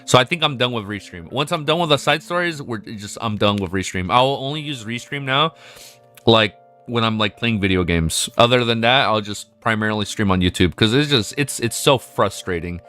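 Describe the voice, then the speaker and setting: A man livestreaming as he reads a novel aloud in steady first-person narration, breaking off now and then to scold his pet. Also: mid-range voice, brisk, few pauses, faint music behind. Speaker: streamer.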